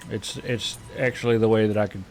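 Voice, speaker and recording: A man playing a frontier healer in relaxed in-character roleplay, rambling and hesitant with many fillers. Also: on the low side, brisk, slight background noise. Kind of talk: in-character western roleplay chat.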